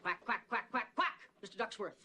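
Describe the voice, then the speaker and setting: A woman's voice: on the high side, animated, a little fast, pushed and bright. A woman voicing a silly cartoon duck that quacks over and over. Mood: quacking. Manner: repetitive chattering quacks.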